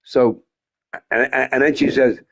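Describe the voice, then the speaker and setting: A man's voice: mid-range voice, little pitch movement, unhurried, creaky, a bit bright. A young man chatting casually on a gaming stream, rambling, swearing freely and often breaking into laughter. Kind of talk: casual live-stream chat.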